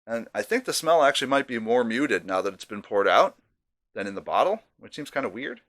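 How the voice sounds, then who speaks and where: A man's voice: mid-range voice, lively intonation, a little fast, fairly bright tone. A man casually reviewing a beer on camera, chatty and self-deprecating, with savoring asides.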